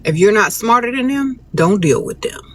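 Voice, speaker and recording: A woman's voice: mid-range voice, expressive, moderate pace. A woman hosting a casual livestream, giving blunt, sassy relationship advice in a lecturing tone.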